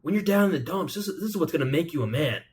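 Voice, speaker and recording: A man putting on the voice of an earnest fighter who lectures about motivational music, pitched up above his normal talk. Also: expressive, very fast, a little mellow, close to an everyday voice. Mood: preachy. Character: impression of a preachy male fighter.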